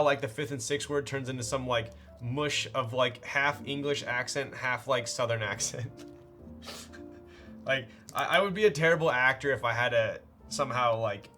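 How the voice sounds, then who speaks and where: A man's voice: mid-range voice, sharp tone. A man streamer talking casually while building a keyboard, rambling and playful, with lots of fillers. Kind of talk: casual live-stream chat.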